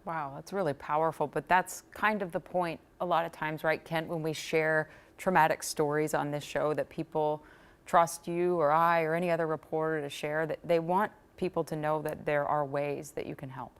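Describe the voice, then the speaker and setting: A woman's voice: deep voice, fairly even intonation, normal speed, clear, resonant tone. A female news anchor speaking in a composed, reflective way during a live studio segment.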